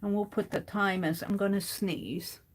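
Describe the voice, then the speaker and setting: A woman's voice: medium pitch, steady tone, slightly rough. A middle-aged woman chatting casually to herself as she sketches for her art vlog, musing over what to draw next. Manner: slow, musing, talks to herself as she draws. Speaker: art vlogger. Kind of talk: casual narration while sketching.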